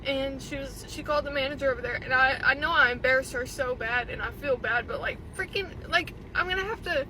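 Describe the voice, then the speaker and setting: A woman's voice: high voice, bright, forceful tone, a little hiss or hum, poor audio. A young woman recounting a bad salon visit in an upset, indignant way, talking into her phone in a car. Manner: upset, indignant, fast filler-heavy talk. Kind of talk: venting selfie video.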